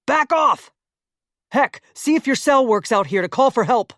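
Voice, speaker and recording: A woman voicing a determined man who shouts forceful commands during a rescue on the ice. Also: high-pitched, lively intonation, a little slow, dry recording, studio quality, voice pushed up. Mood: commanding.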